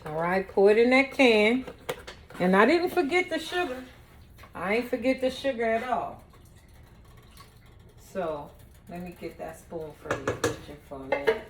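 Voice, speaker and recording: A woman's voice: mid-range voice, sing-song, measured pace, long pauses, a little hiss or hum. Playful woman chatting while she cooks. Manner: chatty, playful, talks straight to viewers. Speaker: home cook and vlogger. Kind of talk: casual cooking demonstration. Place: home kitchen.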